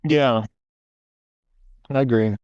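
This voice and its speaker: A man co-hosting a podcast over an online call, talking in a relaxed, offhand way. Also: mid-range voice, slow pace, smooth, no echo, highs cut off. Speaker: podcast co-host. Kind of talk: casual discussion.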